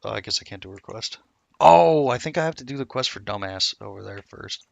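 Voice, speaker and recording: A man's voice: lowish voice, expressive, a little fast, gravelly, no echo. A man streaming a game, chatting casually and rambling through stories with many self-interruptions. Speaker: gameplay streamer. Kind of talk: casual gameplay commentary.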